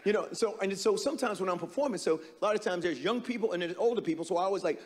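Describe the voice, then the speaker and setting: A man's voice: high voice, racing, hardly any pauses, a little mellow. A man doing stand-up comedy as an impressionist, chatting loosely and laughing with a live audience in an echoey hall. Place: stage before a live audience.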